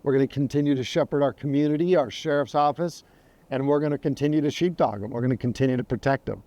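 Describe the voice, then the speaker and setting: A man's voice: mid-range voice, quick pace, dark tone, no echo. A middle-aged man who is a sheriff, speaking earnestly in an interview and repeating phrases for emphasis. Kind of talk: podcast interview, testimony.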